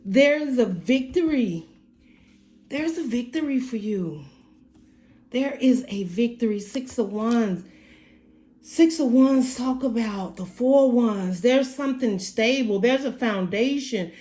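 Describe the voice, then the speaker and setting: Slow, emphatic woman reading tarot. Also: on the high side, animated, dark tone, reverberant. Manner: emphatic, repetitive, talks straight to the viewer. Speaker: tarot reader. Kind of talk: casual spoken tarot reading to camera. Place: room at home.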